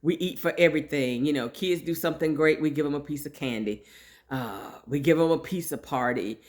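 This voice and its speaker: Animated woman host, storytelling straight to her listeners. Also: low-pitched, brisk. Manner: chatty, animated, addresses listeners directly. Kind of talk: casual personal storytelling.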